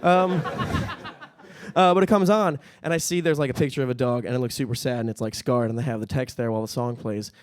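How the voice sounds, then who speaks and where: On a comedy stage at a live-streamed event, a young man briskly performs a stand-up set. He talks deadpan, then breaks into high-pitched, panicky voices for punchlines.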